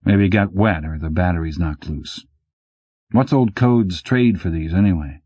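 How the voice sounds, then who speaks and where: A man's voice: deep voice, normal speed, warm tone, no echo, muffled recording. A man voicing a laid-back former cop who talks plainly and laconically in a storybook reading. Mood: laconic.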